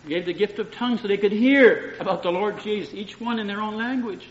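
A middle-aged man preaching with earnest, homely storytelling, his voice a little high for a man. The recording is dull and muffled, with a roomy echo from the church hall and faint ambience behind him. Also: fairly quick. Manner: earnest, homely storytelling with frequent "you know". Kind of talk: sermon. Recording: dull echoey room recording.

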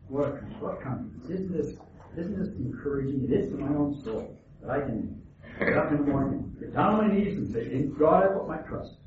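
A man preaching a sermon, earnest and halting, often restarting his words. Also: medium pitch, animated. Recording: echoey, distant, phone-like, noisy.

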